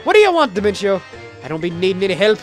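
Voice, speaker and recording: A Southern US man shouts his way through game dialogue as a hot-headed warrior brute, his attempted Scottish accent failing and lapsing into his native one. He speaks very fast, pitched high with big swings and pushed up, while game music plays behind.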